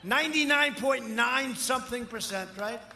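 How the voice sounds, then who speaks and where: An older man speaking at a campaign rally, rambling and boastful, swinging between shouted lines and muttered asides. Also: very high-pitched, moderate pace, gravelly. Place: outdoor rally. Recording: echoey outdoor rally with long reverb and faint crowd noise.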